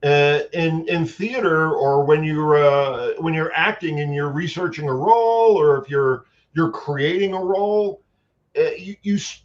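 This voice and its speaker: New man, guest storyteller, rambling and animated, higher pitch, muffled lo-fi audio. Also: unhurried. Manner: animated, long-winded anecdotes with many restarts. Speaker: guest, actor and paranormal investigator. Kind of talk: casual storytelling chat. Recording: dull lo-fi sound.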